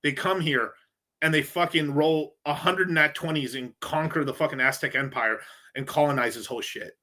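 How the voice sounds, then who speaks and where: A man's voice: a little high, fairly even intonation, moderate pace, sharp tone. A man from the United States, a crypto livestreamer, ranting casually with lots of swearing, rambling and frequent laughter. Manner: profane, rambling, laughs often.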